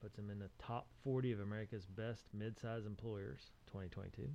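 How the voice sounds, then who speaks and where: A man's voice: on the low side, fairly even intonation, brisk, gravelly, mellow, a little hiss or hum. A man co-hosting a casual tech podcast, cracking teasing jokes between news items. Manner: jokey, teasing banter. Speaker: podcast co-host. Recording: dull lo-fi sound.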